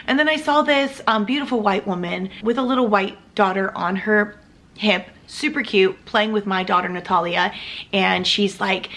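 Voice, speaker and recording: A woman's voice: mid-range voice, fairly bright tone. A woman in her thirties, an adoptive mother, telling a heartfelt story to her vlog audience in a chatty way with lots of fillers. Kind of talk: casual storytelling to camera.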